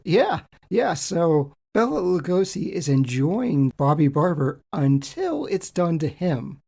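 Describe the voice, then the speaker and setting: A man co-hosting a podcast, recounting things in a relaxed, chatty way. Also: on the high side, takes it slowly, vocal fry, slightly rough. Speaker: co-host. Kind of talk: casual podcast discussion.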